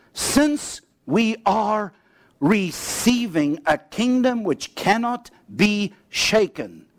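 With no echo on the recording, a man delivers a storytelling sermon whose energy shifts from animated bursts to quiet, low emphasis.

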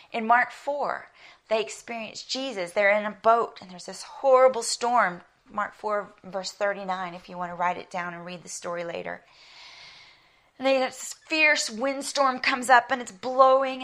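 A woman preaching a conversational sermon. She tells stories with animation, laughs lightly as she talks, and drops to a soft whisper for emphasis. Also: medium pitch. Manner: laughs lightly while speaking. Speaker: women's Bible teacher.

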